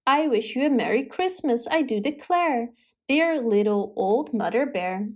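A woman's voice: a little high, expressive, a little slow. A woman voicing a humble old male tramp dog who speaks in rhyme. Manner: rhyming, humble.

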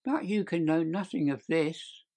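A man's voice: a little high, expressive, takes it slowly, gravelly, a little mellow, voice pushed up, heavily acted. A man reading an audiobook, voicing a frightened small man who whines and quavers in a raised voice. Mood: nervous. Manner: quavering, whining.

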